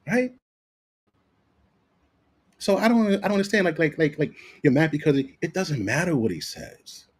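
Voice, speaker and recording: A man ranting casually about football, profane and animated, often repeating himself. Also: on the high side. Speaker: sports commentator vlogger.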